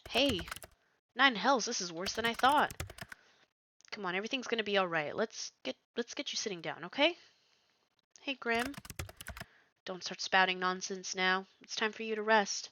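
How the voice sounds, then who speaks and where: A woman's voice: mid-range voice, animated, normal speed, long pauses, a little hiss or hum. A woman reading as a tender male grim reaper. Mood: worried. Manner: soft, tender and reassuring. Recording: slightly dull lo-fi stream audio.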